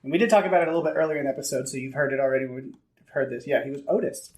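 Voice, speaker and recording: A man's voice: mid-range voice, racing. A man co-hosting a podcast, chatting casually and thanking a listener for his feedback. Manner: upbeat, warm thanks to listeners. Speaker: podcast co-host.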